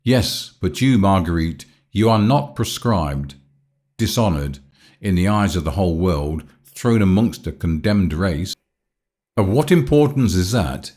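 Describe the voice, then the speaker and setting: A man's voice: low-pitched, animated, measured pace, a little mellow. A man voicing an ardent, earnest young man in an audiobook, speaking insistently. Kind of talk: audiobook character voice.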